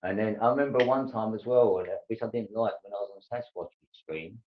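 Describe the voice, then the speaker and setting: A man talks casually on a livestream, drifting from thought to thought. His voice sits fairly low. The stream audio sounds dull and lo-fi. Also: brisk, slight background noise. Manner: rambling, loose and meandering. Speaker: livestream host. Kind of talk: casual chat.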